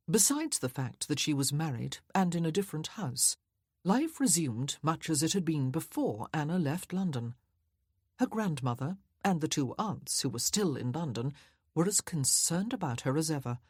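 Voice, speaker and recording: Woman reading an audiobook, low husky voice, dry close sound. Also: animated, normal speed, a little mellow, no room sound. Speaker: audiobook narrator. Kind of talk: scripted audiobook narration.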